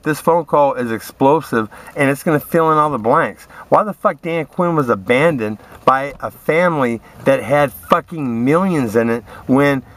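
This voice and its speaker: A man's voice: mid-range voice, moderate pace, hardly any pauses, fairly bright tone. Profane, aggrieved man ranting. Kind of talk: ranting monologue to camera.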